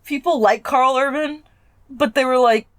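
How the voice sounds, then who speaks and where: A woman's voice: high-pitched, normal speed, fairly bright tone, no echo. A woman co-hosting a casual podcast chat, blunt and swearing freely, laughing along. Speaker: podcast co-host.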